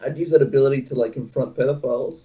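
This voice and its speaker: A man's voice: mid-range voice, racing, dark tone, slightly rough, muffled recording. A man in his twenties chatting casually as a stream guest, laid-back and wry. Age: 20s. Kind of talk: casual chat.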